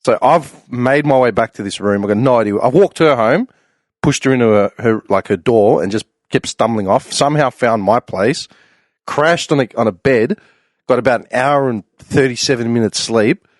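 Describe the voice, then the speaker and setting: A young Australian man spins a rowdy travel story in an easygoing chat, laughing as he goes and jumping up loud for the lines he quotes. The recording is dry and close, with no room around his voice. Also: mid-range voice, normal speed, no room sound. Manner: animated, acts out quoted voices loudly, laughs often. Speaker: podcast panelist.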